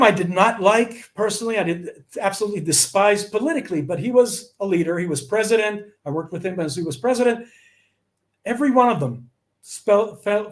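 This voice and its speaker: A middle-aged man from the USA, telling anecdotes as an interview guest and acting out the dialogue. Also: sits high. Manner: animated, acts out dialogue in his anecdotes. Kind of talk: storytelling in conversation.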